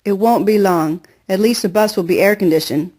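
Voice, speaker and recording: A woman voicing a soft, weary mother. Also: medium pitch, brisk, natural voice. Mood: worried. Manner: soft, sighing, unsure. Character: worried, weary immigrant mother.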